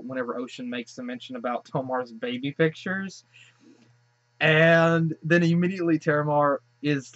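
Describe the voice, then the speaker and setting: A man at a middle pitch rambles happily through his reaction to an episode, gushing over what he sees and often circling back to restart a thought. The recording is a little dull and lo-fi, like a home setup. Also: a bit bright, dry recording. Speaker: show reaction host. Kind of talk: casual reaction commentary.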